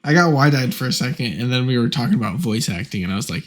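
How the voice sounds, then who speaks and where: Guy co-hosting a podcast, mid-pitched voice, laid back, kinda hesitant. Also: lively intonation, fast. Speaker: podcast co-host. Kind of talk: casual chat.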